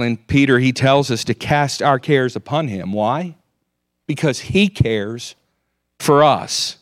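A man preaching a sermon, reading scripture aloud with measured emphasis. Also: mid-range voice, dry recording, studio quality.

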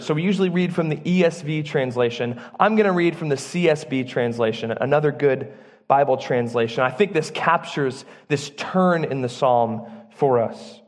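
Earnest guy preaching in church, pretty high voice, big echoey room. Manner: earnest, emphatic with dramatic pauses. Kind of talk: sermon. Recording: long church reverb.

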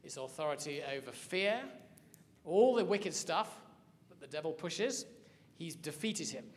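A man teaching a sermon, telling stories in an animated way. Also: a little high, unhurried. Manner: storytelling, animated. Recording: hall reverb.

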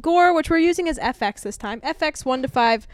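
Female podcast host, higher pitch, playful and giggly, dry booth sound. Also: lively intonation, brisk, no room sound. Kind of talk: casual chat.

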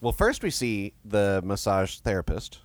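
A man's voice: lowish voice, very animated, measured pace, no room sound. A young man co-hosting a podcast, talking casually about a movie with dry, wandering jokes and frequent restarts. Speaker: podcast co-host.

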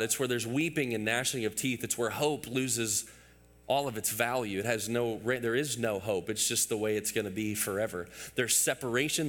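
A man's voice: medium pitch, a bit bright, in a large hall. A man in his thirties preaching a sermon as pastor, emphatic and building through repeated phrases, with asides to the congregation.

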